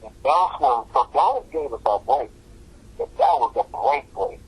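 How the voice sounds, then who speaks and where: A middle-aged man with a husky, slightly rough voice tells a long story in an interview. He talks in a loose, slangy way, stacking fillers and restarts and jumping into quoted voices of other people. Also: big pitch swings, moderate pace, rough recording. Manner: rambling, slangy, full of fillers, acts out quoted voices in a high pitch. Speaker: music producer, interview guest.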